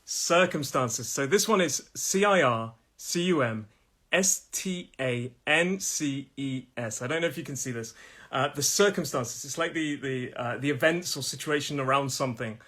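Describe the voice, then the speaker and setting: A man teaching English pronunciation live to viewers online. His voice is mid-pitched and relaxed, and he chats loosely between drills. He laughs easily and slows right down to repeat each word. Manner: friendly, repeats words slowly, laughs often. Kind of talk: live-streamed pronunciation lesson.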